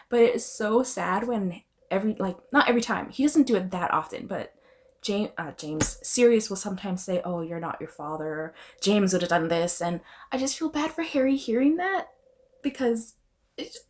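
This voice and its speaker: A young adult woman talking casually and emphatically as a book vlogger reviewing her reads. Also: fairly high pitch. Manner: expressive, emphatic, often adds "okay?".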